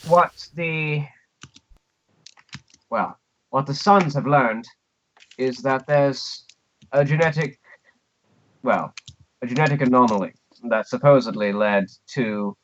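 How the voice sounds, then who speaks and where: A man voicing a posh, upper-class British woman informant in a tabletop game, speaking in a measured, formal way with a put-on posh British accent. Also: mid-range voice, fairly bright tone, highs cut off, slight background noise. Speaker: game master voicing a character.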